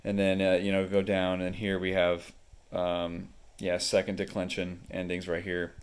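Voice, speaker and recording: Low-voiced guy flipping through a book on camera, lots of ums, easygoing explainer. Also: monotone, smooth. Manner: unhurried, explanatory, many fillers. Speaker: book reviewer. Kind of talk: casual book review, showing pages.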